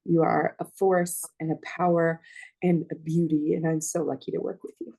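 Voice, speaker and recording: Emotional woman midwife, low mellow voice, heartfelt panel remarks. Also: flat delivery, moderate pace, gravelly. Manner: emotional, heartfelt, slightly teary. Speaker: midwife, clinical director.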